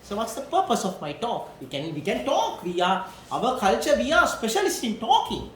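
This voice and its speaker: A Sri Lankan English man lectures with a very lively, swooping delivery, repeating key points and questioning his class. His voice rings around a roomy lecture room, with a faint murmur of ambience underneath. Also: high-pitched, moderate pace, a little hiss or hum. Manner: animated, repeats key phrases, asks students questions.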